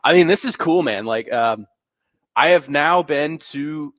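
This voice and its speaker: A man's voice: a little high, measured pace, dry recording. A young man co-hosting sports radio in a studio, telling stories with sarcasm and lots of fillers. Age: young adult. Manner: animated storyteller, sarcastic, full of fillers. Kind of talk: sports talk radio banter.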